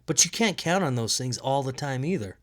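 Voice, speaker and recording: A man's voice: mid-range voice, expressive, a little fast. Rambling, profane man, nasal voice. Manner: rambling, profane, laughs at own jokes. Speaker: podcast host. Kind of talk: casual solo sports podcast. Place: home.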